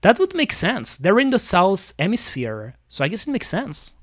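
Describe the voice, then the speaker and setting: A man's voice: sits high, wildly swooping pitch, normal speed. A man streaming and chatting casually as he reacts to a video, rambling with many fillers, restarts and small grammar slips. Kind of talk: casual chat.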